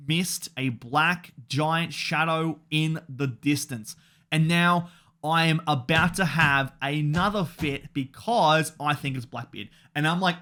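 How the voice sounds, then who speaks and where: A young man hosting a reaction video, talking excitably, swearing and swinging between shouting and calm. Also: fairly high pitch. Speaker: anime reaction channel host.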